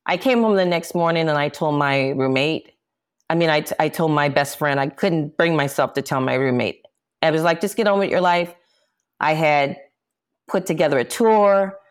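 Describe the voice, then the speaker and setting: A woman's voice: deep voice, moderate pace, smooth. A woman, an interview guest, telling a painful personal story with intensity and indignation. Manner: intense, indignant, quotes herself forcefully. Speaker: interview guest, jazz singer. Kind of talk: emotional personal account.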